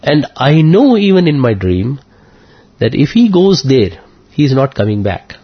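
A man from India telling a personal story as an interview guest, earnest and halting, with emotion close to the surface. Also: mid-range voice, very animated, breathy edge. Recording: muffled lo-fi recording.

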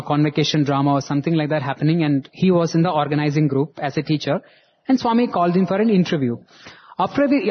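Husky man telling a story. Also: a little high, highs cut off. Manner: animated, voices the people in his story. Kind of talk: devotional storytelling.

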